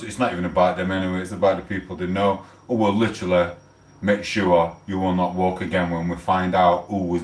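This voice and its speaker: A man, rambling and swearing in a heated rant on a casual livestream. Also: deep voice. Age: 40s. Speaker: livestream host. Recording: echoey room, mic held far off.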